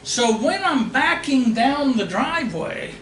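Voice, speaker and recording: High-voiced man telling stories at a seminar. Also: takes it slowly. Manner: animated, laughing storyteller. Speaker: real estate investing trainer. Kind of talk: storytelling seminar talk. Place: meeting room of an investors' association. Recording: roomy hall, distant mic, background noise.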